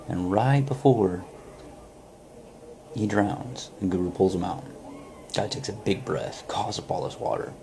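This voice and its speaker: Guy, low mellow voice, earnest pep talk, lots of "you know". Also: creaky, slight background noise. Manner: earnest, storytelling, many fillers. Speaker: network marketer. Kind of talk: motivational talk to camera.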